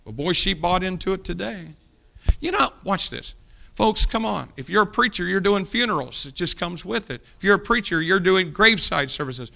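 A man pastor preaching a sermon, animated, with sudden loud rises and soft drops, acting out voices in his stories. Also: high-pitched, moderate pace, vocal fry.

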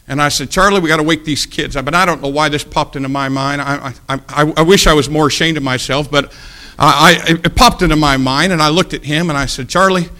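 A middle-aged male preacher telling a story in a sermon, animated and breaking into loud shouts. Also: on the high side.

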